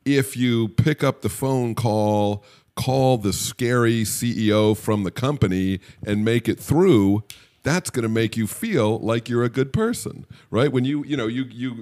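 A man's voice: mid-range voice, a little slow, a little mellow. A middle-aged man co-hosting a podcast in casual chat, rambling and wry, often stopping and restarting mid-thought. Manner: rambling, self-interrupting, wry. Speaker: podcast co-host.

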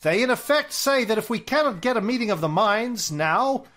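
A man's voice: very high voice, animated, moderate pace, a bit bright, voice pushed up. A man putting on a formal 1920s American aristocrat's Mid-Atlantic accent, reading out a statesman's earnest letter. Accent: old-fashioned Mid-Atlantic aristocratic.

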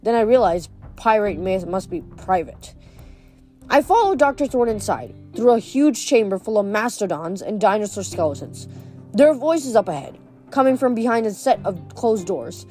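A woman's voice: medium pitch, lively intonation, normal speed, dark tone, faint music behind. A woman reading a novel aloud, now and then stumbling over words and correcting herself. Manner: occasional stumbles and self-corrections. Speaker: reader.

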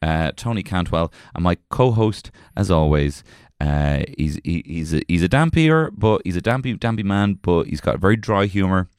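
Low-voiced man joking crudely. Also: lively intonation, moderate pace, few pauses, a little mellow, smooth, no room sound, clean studio sound. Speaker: podcast host. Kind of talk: casual podcast chat.

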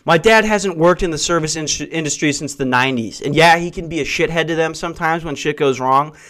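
A young man with a fairly high voice is on a profane comic tirade. He sounds exasperated and keeps slipping into mocking impressions of other people. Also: fairly quick, fairly bright tone. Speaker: podcast host. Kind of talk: comedic rant.

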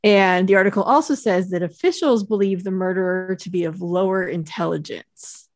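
A woman co-hosting a podcast, narrating a TV episode's plot step by step in a relaxed way. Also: lowish voice, moderate pace. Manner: steady, detailed plot narration. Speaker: podcast co-host. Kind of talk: casual recap chat.

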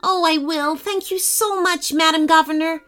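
A woman voicing an eager young girl who loves dolphins, speaking in an excited, breathless way. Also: very high-pitched, normal speed, voice pushed up.

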